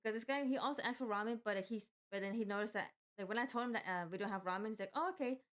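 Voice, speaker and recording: A woman's voice: medium pitch, very fast. A young woman telling a work story casually, with rambling restarts and frequent fillers. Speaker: vlogger.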